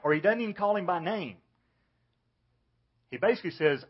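A pastor preaching an earnest sermon, dropping low and soft to stress his points. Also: lively intonation, moderate pace, long pauses, husky, muffled recording.

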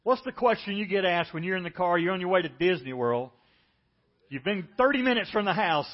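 Higher-voiced man preaching, lo-fi audio. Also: expressive, fairly quick. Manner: storytelling, acts out quoted speakers with lifted pitch. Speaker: pastor. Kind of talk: sermon. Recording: dull lo-fi church audio.

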